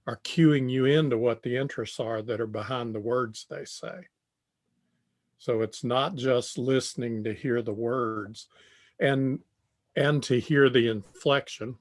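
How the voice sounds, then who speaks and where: An older man with a mid-range voice presents a tutorial lecture on communication. He speaks deliberately, repeating phrases as he thinks.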